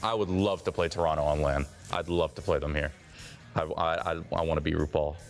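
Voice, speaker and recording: Deep-voiced teasing esports player. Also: male voice, fairly even intonation, a little fast, faint music behind. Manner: teasing, playful trash talk. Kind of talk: casual interview chat.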